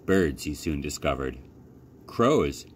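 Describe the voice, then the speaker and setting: A man from a library youth program reading a children's novel aloud as expressive storytelling. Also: slow, slight background noise. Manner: expressive storytelling with lively pitch. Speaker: library youth services coordinator. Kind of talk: children's book read-aloud.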